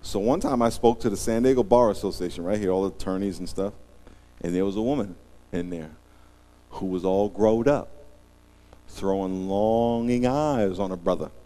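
Joking, animated middle-aged pastor. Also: male voice, lowish voice, moderate pace. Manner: animated, joking storyteller who acts out scenes. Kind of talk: sermon.

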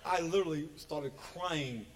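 A man preaching a sermon as pastor, animated and joking, acting out quotes. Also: fairly high pitch, measured pace, poor audio.

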